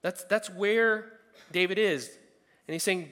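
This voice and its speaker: A man preaching a sermon, talking conversationally and rising to loud, emphatic peaks. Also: high-pitched, a little slow, long reverb tail. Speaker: pastor.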